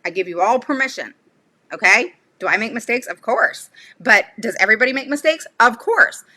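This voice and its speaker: A woman's voice: on the high side, animated, normal speed, pushed and bright. A woman speaking as a special education advocate to her viewers, blunt and fired up, with many "okay?" tags and rambling asides. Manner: rambling asides and sudden laughs. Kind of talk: casual livestream talk to viewers.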